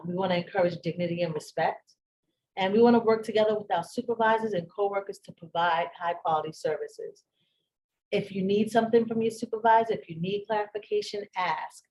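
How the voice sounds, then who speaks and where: A woman's voice: fairly low pitch, a little mellow, a little hiss or hum, rough recording. A woman giving a plain, instructive workplace training talk that repeats its key points. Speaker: staff trainer.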